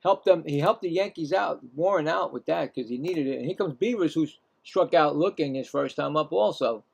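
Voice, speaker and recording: A man with a Brooklyn accent hosting a casual live play-by-play stream, chatting and rambling between pitches. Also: moderate pace, gravelly, breathy edge. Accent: Brooklyn New York.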